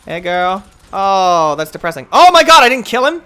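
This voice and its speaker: A young man hosting a gaming channel, giving excitable live commentary that swings from muttering to yelling, trash-talking other players. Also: high-pitched, a little fast, hardly any pauses.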